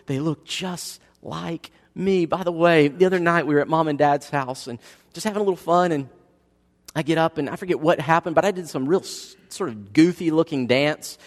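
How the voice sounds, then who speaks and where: A man's voice: fairly high pitch, a little fast. Man preaching in a reverberant church. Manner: dynamic preaching, swings from hushed to loud. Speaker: pastor. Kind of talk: sermon. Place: church sanctuary. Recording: long reverb of a church hall.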